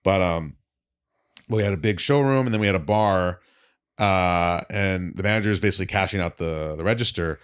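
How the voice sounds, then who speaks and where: A man with a very low voice spins loose, rambling stories on a podcast. He restarts his sentences often, swears casually, and keeps the tone relaxed and conversational. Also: moderate pace, clean tone. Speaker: guest comedian.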